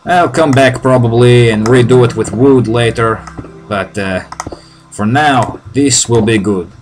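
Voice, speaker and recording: A man's voice: medium pitch, measured pace. A man with a Russian accent giving casual video game commentary, joking as he goes, with broken, hesitant phrasing. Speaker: gameplay commentator.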